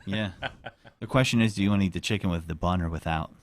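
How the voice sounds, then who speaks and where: Low-voiced man hosting a casual podcast. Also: fast. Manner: crude, rambling, joking. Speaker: podcast host.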